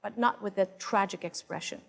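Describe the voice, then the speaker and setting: On stage in a live comic monologue reading, a woman performs a brash, worldly character who coaches other ladies, bossing and instructing them amid theatrical, swooping moans and sighs. Her voice is medium-pitched, a little fast, with vocal fry, and faint music plays behind her.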